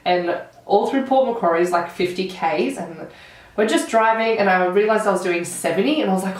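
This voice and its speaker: A woman's voice: medium pitch, brisk. A woman in her twenties with an Australian accent, chatting and telling stories while doing her makeup, with lots of "like". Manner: chatty, animated storytelling with frequent "like". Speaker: beauty vlogger. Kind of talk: chatty get-ready-with-me storytelling. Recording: roomy, distant mic.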